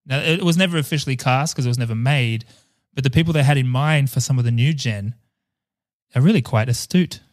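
A man co-hosting a podcast in casual chat, playful and quick to laugh. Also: mid-range voice, dry recording, clean studio sound. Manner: playful, laughs often, chatty with restarts. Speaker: podcast co-host.

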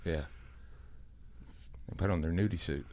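A man's voice: deep voice, unhurried, slight background noise. A man co-hosting a radio show, joking around and teasing his co-hosts. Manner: joking, teasing, mock-belittling voices. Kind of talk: casual morning-show banter.

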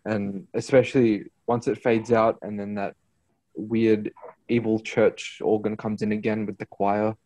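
A man's voice: fairly low pitch, level tone, a little slow, warm tone, low-quality recording. A man rambling casually about songs on a podcast, hunting for words. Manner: rambling, lots of fillers and restarts. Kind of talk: casual music chat.

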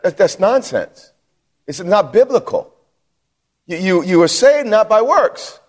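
A man's voice: sits high, very animated, unhurried. A man preaching a sermon from the pulpit, emphatic, repeating himself and putting questions to the congregation. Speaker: pastor. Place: church sanctuary. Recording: long hall reverb.

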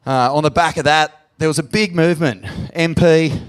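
A man's voice: a little high, steady tone, normal speed, clean tone. An Australian man hosting a live podcast in a pub venue, sweary and effusive as he hypes up the crowd. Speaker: podcast host.

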